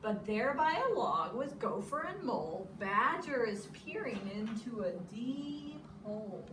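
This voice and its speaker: A woman preschool teacher reading a children's story aloud in an animated, sing-song way. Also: on the high side, unhurried. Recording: echoey room, distant mic, noisy.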